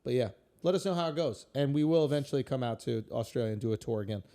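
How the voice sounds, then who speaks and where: A man's voice: mid-range voice, animated, fast, dark tone. A male comedian hosting a podcast, riffing casually in loose slang. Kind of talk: casual chat.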